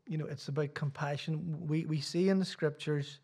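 A man's voice: a little high, fairly even intonation, normal speed, gravelly, a little mellow, husky. A middle-aged Irish man, a visiting preacher, giving a sermon in a church with rambling, self-deprecating asides. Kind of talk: sermon with casual chat.

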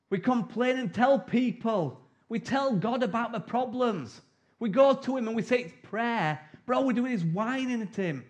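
A middle-aged man preaches a sermon in a voice that's high for a man. He keeps it loose, joking, and conversational, acting out little scenes of prayer along the way.

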